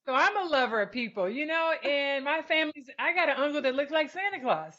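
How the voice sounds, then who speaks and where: A woman's voice: high voice, brisk, lo-fi sound, slight background noise. A woman from California, a guest on a panel, talking candidly and with energy in a casual chat and slipping into playful voices when she tells a story. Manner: candid, animated, slips into playful voices for anecdotes. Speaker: guest, former athlete.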